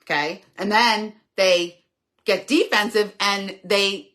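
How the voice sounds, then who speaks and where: Middle-aged woman on a live stream, reads comments and answers them straight up, bright clear voice. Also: medium pitch, steady tone, slow pace. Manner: earnest and candid, reads comments aloud then responds. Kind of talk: casual live chat.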